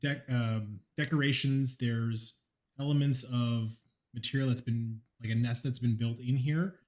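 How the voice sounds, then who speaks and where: A man's voice: medium pitch, fairly even intonation, measured pace, darkish tone. A man narrating as game master in a tabletop game, casual and hesitant with many ums.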